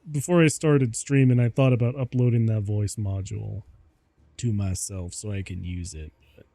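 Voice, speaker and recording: A man's voice: lowish voice, fairly even intonation, moderate pace, vocal fry, warm tone, dry recording. A man commentating his own game stream, chatty and self-deprecating, laughing often. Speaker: VTuber streamer.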